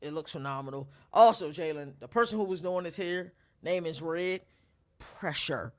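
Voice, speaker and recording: A young man hosting a casual college sports talk show, animated and rambling, with lots of shout-outs. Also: a little high, fairly quick. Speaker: podcast host.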